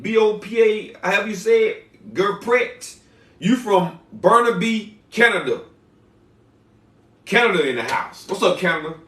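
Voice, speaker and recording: High-voiced man chatting in an echoey room. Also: bright, forceful tone, recorded from a distance. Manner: loose, repetitive, slangy. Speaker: online seller reading viewer names. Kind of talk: casual livestream chat.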